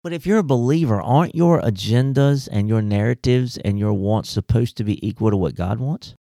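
A man, a pastor talking faith in a casual discussion, folksy and animated, firing off rhetorical questions. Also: mid-range voice, brisk, no echo, studio quality.

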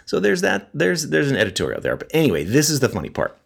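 A man's voice: medium pitch, wildly swooping pitch, fast talker, gravelly. A middle-aged man with a wheezy voice from a cold, chatting casually as a podcast host and laughing at his own stories. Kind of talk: casual monologue.

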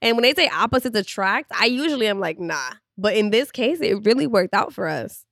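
A woman's voice: fairly high pitch, expressive, a little fast, fairly bright tone, no room sound, studio quality. Candid, chatty young woman podcaster. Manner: candid, chatty, laughs often. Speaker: podcast co-host. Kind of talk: casual chat.

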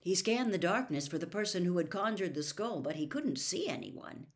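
A woman's voice: lowish voice, sing-song, normal speed. A woman reading a novel aloud expressively as a storyteller.

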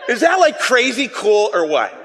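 A man preaching an interactive sermon, with a slightly high voice. He is playful and self-deprecating as he calls on the congregation to repeat words after him. His voice rings out in the long reverb of a church sanctuary. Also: wildly swooping pitch, normal speed, a bit bright. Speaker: pastor. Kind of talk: interactive sermon with audience call-and-response.

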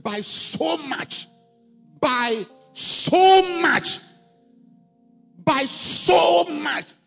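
A man preaching a sermon as pastor, emphatic and repetitive, building up to shouts. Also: high-pitched. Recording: long hall reverb, faint music.

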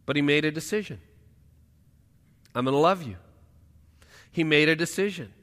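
A pastor preaching a sermon, swinging between loud emphatic lines and hushed quiet asides, in a church auditorium. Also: male voice, fairly high pitch, lively intonation, normal speed, pauses often, big-room sound.

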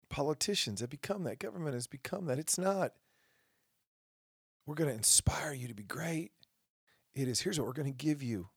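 Gravelly, husky-voiced male podcast host. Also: mid-range voice, dry recording, studio quality. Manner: impassioned, with mocking asides. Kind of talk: opinion monologue.

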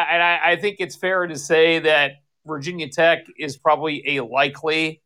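Bright-voiced man rambling about sports. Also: fairly high pitch, fairly even intonation, normal speed, hardly any pauses. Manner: rambling, many restarts and self-corrections. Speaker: podcast co-host. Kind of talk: casual sports talk.

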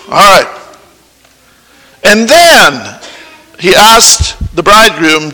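A man preaching a sermon, quizzing the congregation with many halting restarts. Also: high voice, big pitch swings, sharp tone. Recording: long hall reverb.

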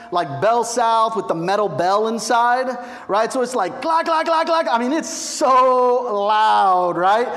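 A middle-aged man preaches in a notably high voice. He tells a personal story in a loose, conversational way and keeps checking in with his listeners. His delivery is lively and animated. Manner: chatty, animated storytelling with frequent asides to the listeners. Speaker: pastor. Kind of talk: storytelling sermon.

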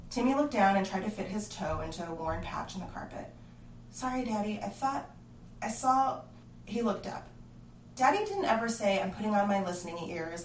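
A woman narrating a creepy children's horror story in an expressive storytelling voice. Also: medium pitch, a little hiss or hum. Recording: roomy, distant mic, faint ambience.

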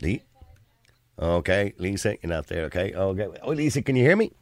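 An Irish man hosting a phone-in radio show in a brisk, joking manner. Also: low-pitched, no room sound, clean studio sound. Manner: brisk, animated, joking banter. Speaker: radio host.

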